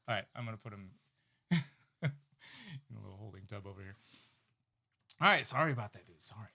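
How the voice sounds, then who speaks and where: A man's voice: on the low side, lively intonation, normal speed, creaky, long pauses, sharp tone, husky. A man, a reptile breeder, casually talking to his snake in a chatty, playful, apologetic way. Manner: chatty, apologetic, playful baby talk to the animal.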